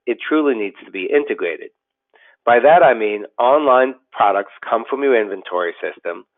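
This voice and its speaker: A man, a company president, giving a scripted business webinar in a steady, explanatory way with occasional fillers and restarts. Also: medium pitch. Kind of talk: scripted webinar presentation over slides. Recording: tinny phone-like audio.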